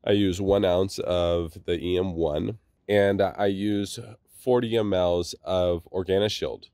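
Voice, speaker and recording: A man's voice: deep voice, steady tone, slow pace, dark tone, no room sound, studio quality. A congested man hosting a casual garden vlog, talking enthusiastically and rambling with many restarts. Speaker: gardening channel host.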